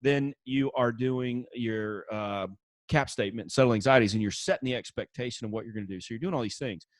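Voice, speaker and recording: Podcast co-host, man, mid-pitched, wry and joking, dry close sound. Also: fairly quick, no room sound. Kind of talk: casual chat.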